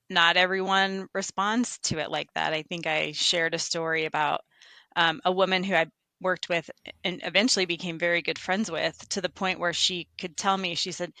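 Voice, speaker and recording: Woman guest chatting about her work, lowish gravelly voice, animated stories. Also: no echo. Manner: reflective, animated storytelling. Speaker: podcast guest, construction estimator. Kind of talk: casual conversational interview.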